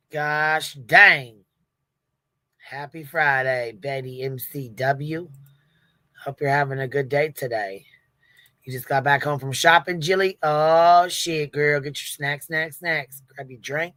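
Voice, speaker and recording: A woman's voice: low voice, takes it slowly, long pauses, a bit bright, dry recording. A woman hosting a livestream in casual commentary, brash and profane, often breaking into laughter. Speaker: livestream host.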